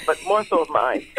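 A man calling in to a radio talk show, speaking earnestly and from the heart, often stopping and restarting his words. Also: fairly high pitch. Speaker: radio caller. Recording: tinny phone line.

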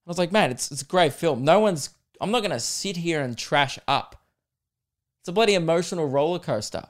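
A man's voice: on the high side, expressive, brisk. A young man, hosting a solo podcast and telling a rambling, crude, self-mocking story. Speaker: podcast host.

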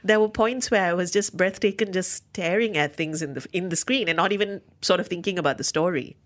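A woman's voice: fairly low pitch, a little fast. A woman co-hosting a radio film review show, talking in an enthusiastic, gushing way. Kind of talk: casual film review chat.

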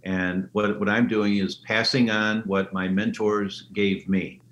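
An animated man tells stories as a guest, his voice carrying in a roomy, echoing space. A faint hiss sits under the remote line. He jumps into high, excited voices whenever he quotes someone. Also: a little slow, muffled recording. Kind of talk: enthusiastic storytelling in an interview.

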